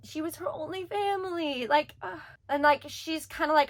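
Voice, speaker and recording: A woman's voice: high-pitched, normal speed. A young woman reviewing a manga in casual chat, rambling with lots of filler words and getting emotional.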